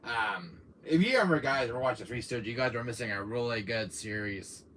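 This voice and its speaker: A man's voice: mid-range voice, animated, normal speed, a bit bright, a little hiss or hum. A man hosting a gaming stream, chatting casually and rambling with many fillers and frequent laughter. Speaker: gaming channel host.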